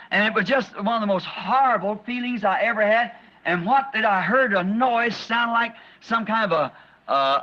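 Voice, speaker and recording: High bright-voiced man preaching. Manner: earnest, repetitive storytelling. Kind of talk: sermon testimony. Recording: dull lo-fi archival recording.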